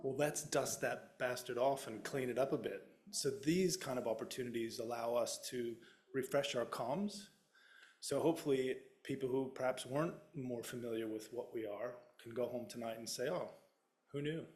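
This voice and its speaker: A man's voice: mid-range voice, fairly even intonation, normal speed, a little mellow. A man moderating a panel discussion, talking in a frank, joking way with casual swearing.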